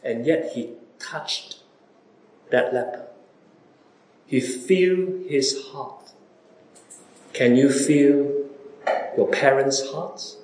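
A man preaching a sermon, asking his listeners question after question, with big swings between loud and soft. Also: extremely slow, long pauses. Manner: repeated rhetorical questions to listeners, wide dramatic swings in pitch and loudness. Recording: echoey room.

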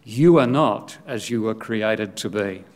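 Preacher reads a grave old-parable spider: slow, low, reproachful. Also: male voice, expressive, a little mellow. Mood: solemn rebuke. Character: solemn spider rebuking a fallen man.

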